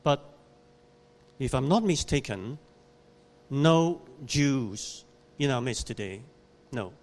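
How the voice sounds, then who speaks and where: Man giving a sermon, unhurried, pitch rises and falls a lot, storytelling with questions to the congregation. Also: animated. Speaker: pastor. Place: church.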